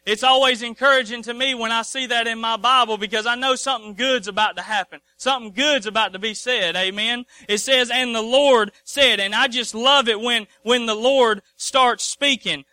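A man's voice: extremely high pitch, pushed and bright, clear, resonant tone, dry recording. A man preaching a folksy sermon, repeating his phrases and calling for amens.

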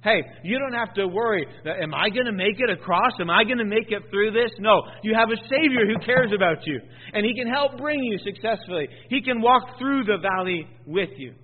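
Guy preaching a sermon, high voice, goes quiet then loud, stumbles and repeats himself, tinny phone-like sound. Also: animated, brisk, hardly any pauses. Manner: swings from hushed to loud and high, stammers and repeats words. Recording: tinny phone-like sound in a long echoing hall.

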